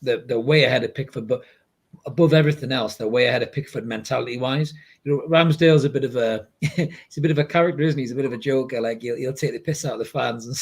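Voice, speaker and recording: A man's voice: mid-range voice, slightly rough. A man with a Newcastle accent, born in Glasgow, co-hosting a casual football podcast, chatty and jokey, calling his co-host "mate". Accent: Geordie with Scottish roots. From born in Glasgow, raised in Newcastle.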